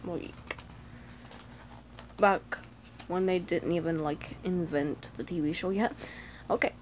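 A woman with a lowish voice flips through a picture book page by page as a fan, talking slowly with fairly even intonation. Her casual commentary is chatty, packed with "like," small gasps and little voices, over a faint hiss or hum.

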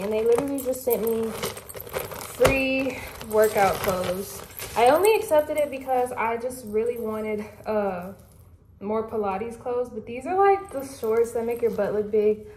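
A woman's voice: on the high side, normal speed, darkish tone, a little hiss or hum, low-quality recording. A young woman chatting casually and animatedly to her viewers as a vlogger, talking from a parked car with her dog panting nearby. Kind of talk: casual vlog chat. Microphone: camera in the car.

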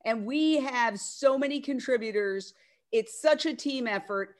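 A middle-aged woman speaking on a video call, loud, animated and emphatic, with a rousing tone. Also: on the high side, a little slow. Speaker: media network founder speaking at an online event. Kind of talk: casual speech on a video call.

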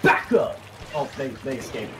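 A woman chatting with teammates during an online game, swearing loudly and venting her frustration. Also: rumbling low, big pitch swings, moderate pace, reverberant, noisy background. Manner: loud, sweary, frustrated outbursts. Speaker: player. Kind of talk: gaming voice chat. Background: game music.

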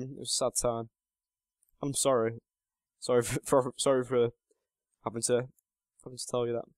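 A lad in his late teens chats through his gameplay, joking at his own expense and muttering to himself between remarks. His voice sits at an ordinary middle pitch. It is recorded close and dry, with no room sound. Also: dry recording. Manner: chatty and self-mocking, muttering to himself while playing. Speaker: gaming channel host. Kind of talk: casual gameplay commentary.

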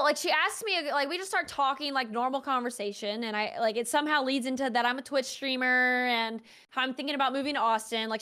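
A young woman with a high-pitched voice tells a story as a guest on an interview show. Her delivery is casual and animated, and she leans on "like" between phrases. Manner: animated, heavy use of "like".

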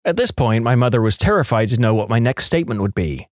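A man narrating online stories for a podcast with an expressive storytelling delivery, recorded close on a studio mic. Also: medium pitch, fast talker, no room sound. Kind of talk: reading online stories aloud.

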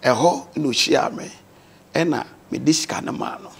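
A man's voice: fairly high pitch, measured pace, creaky, breathy edge. A man with a Ghanaian accent, a guest on a talk show, earnestly telling his life story and mixing English words into his speech.

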